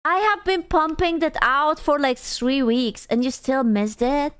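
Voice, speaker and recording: A woman's voice: high voice, unhurried, fairly bright tone. A young adult woman streamer chatting casually and crudely with her chat, teasing and playful. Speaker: VTuber streamer.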